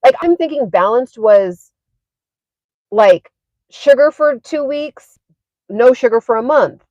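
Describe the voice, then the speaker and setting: Woman, high voice, chatty with fillers, dry slightly dull sound, parked car. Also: expressive, slow, darkish tone, dry recording. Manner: chatty, many fillers, laughs often. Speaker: fitness and wellness creator. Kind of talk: casual livestream talk.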